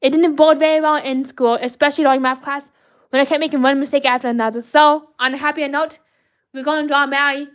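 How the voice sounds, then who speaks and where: A woman hosting a live art stream, chatting excitably with viewers while drawing, rambling and often restarting her sentences. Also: high voice, fast. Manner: bubbly, rambling, cheers and greets viewers; self-corrects and restarts often. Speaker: livestream host drawing fan art requests.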